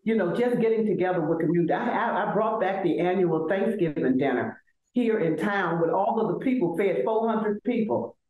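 An older woman from Selma, Alabama with a Southern accent, speaking as a guest in an interview, animated and emphatic, often repeating words as she builds a point. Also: medium pitch, moderate pace, narrow, tinny audio. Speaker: law school administrator, guest. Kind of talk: conversational interview. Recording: echoey room.

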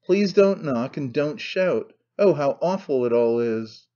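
A man's voice: mid-range voice, animated, a little slow, warm tone, highs cut off, lightly acted. A man voicing a fretful man who pleads anxiously.

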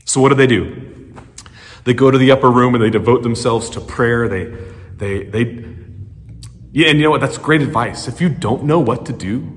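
A male pastor preaching a sermon in a conversational storytelling way, animated and acting out quotes. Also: medium pitch, normal speed, pauses often. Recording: long church-hall reverb.

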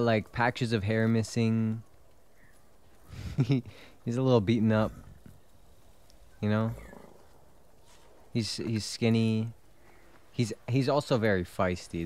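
A man's voice: fairly low pitch, darkish tone. A man streaming a video game, chatting casually, laughing often and swearing freely. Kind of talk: casual gameplay chat.

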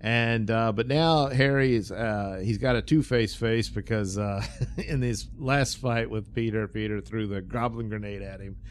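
A man with a lowish voice rambles through a casual movie review, stopping often with fillers and sarcastic little laughs. Faint room ambience sits behind him. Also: measured pace, a little hiss or hum. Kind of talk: casual film review monologue.

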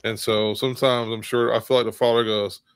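A man's voice: medium pitch, little pitch movement, a little fast, clear, resonant tone, no echo. A man co-hosting a casual Bible study discussion, rambling and acting out quotes with bursts of laughter. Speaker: co-host of a Bible study show.

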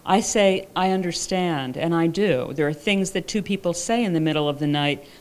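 A woman reads her own novel to a conference audience, her voice sitting slightly low. The delivery is dry and wry, and it moves the first-person story along plainly. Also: a little fast, smooth. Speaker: author reading her fiction. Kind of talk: reading aloud from a novel. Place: live reading at a writers' conference.

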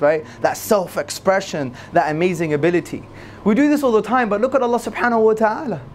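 A man giving an energetic religious lecture to a live audience, repeating key phrases for emphasis. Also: a little hiss or hum. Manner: swings between loud high emphasis and low asides. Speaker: Islamic lecturer.

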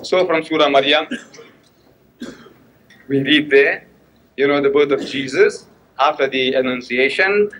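A man's voice: mid-range voice, unhurried, long pauses, a bit bright, a little hiss or hum. A man giving a public religious lecture in a mosque hall, telling a story through repeated phrases and rhetorical questions, and acting out both sides of the quoted dialogue. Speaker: Islamic lecturer.

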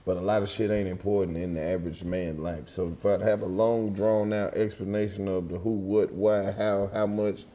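A man's voice: low-pitched, moderate pace, few pauses, highs cut off. A man co-hosting a comedy podcast, talking bluntly and profanely in casual chat. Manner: blunt, profane, animated when joking. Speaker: podcast co-host.

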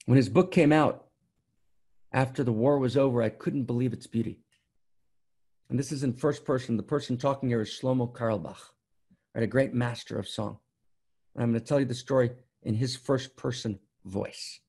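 A male spiritual teacher delivers a sermon with a husky, gravelly voice. He tells a story with emphatic repetition and keeps checking in with his listeners. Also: medium pitch, normal speed, warm tone.

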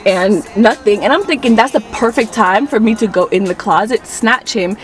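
A young woman vlogger telling a casual storytime tale in an animated, dramatic way, full of slang and swearing. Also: medium pitch, normal speed, distant mic, faint music behind.

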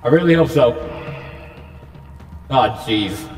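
Anxious slow-talking man, echoey and distant. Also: mid-range voice, expressive, soft background music. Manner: anxious, repetitive muttering. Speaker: gaming YouTuber. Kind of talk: horror game commentary.

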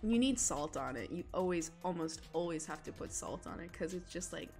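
A woman's voice: lowish voice, expressive, brisk, few pauses, darkish tone, faint music behind. A young woman chatting casually with her chat while she draws, giggling often and rambling about food. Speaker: illustrator streaming live drawing.

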